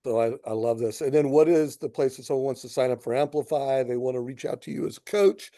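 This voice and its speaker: Male show host, fired-up tone, gravelly and warm, dry close recording. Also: mid-range voice, quick pace, no echo. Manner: enthusiastic, addresses viewers as guys. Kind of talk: interview hosting.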